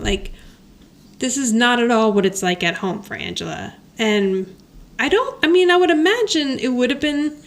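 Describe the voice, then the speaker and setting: A woman with a fairly high, animated voice speaks at a moderate pace as a podcast co-host. Chatty and giggly, she recaps a sitcom episode casually, laughing often and acting out the characters' lines.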